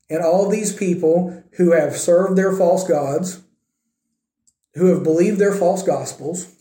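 High-voiced preacher in an echoey room. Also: male voice, mellow. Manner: preaching, acting out quoted speakers in his own voice. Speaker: pastor. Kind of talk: sermon.

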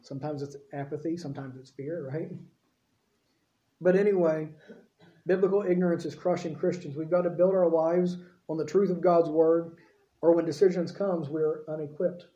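A man's voice: a little high, steady tone, normal speed, warm tone. A man preaching a sermon in a conversational way, often checking in with his listeners. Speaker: pastor. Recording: echoey room, dull lo-fi sound.

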